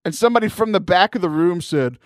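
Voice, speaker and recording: A man hosting a casual comedic radio show, energetic and rambling, laughing between jokes. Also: high voice, quick pace, dry recording, studio quality. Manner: energetic, jokey, rambling with restarts. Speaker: podcast host. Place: radio studio.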